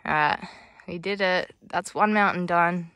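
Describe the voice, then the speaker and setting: A woman's voice: lowish voice, steady tone, a little slow, fairly bright tone, no echo. A young woman filming a casual hiking vlog on a mountain trail, chatty and sweary, talking into a handheld camera. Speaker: vlogger.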